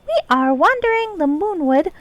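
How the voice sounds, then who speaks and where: A woman streamer putting on a high, shrill, bouncy pixie voice while chatting during a game stream. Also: big pitch swings, moderate pace, no echo. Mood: cheeky. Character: high shrill female pixie, chirpy and foul-mouthed. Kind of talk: live game stream chat.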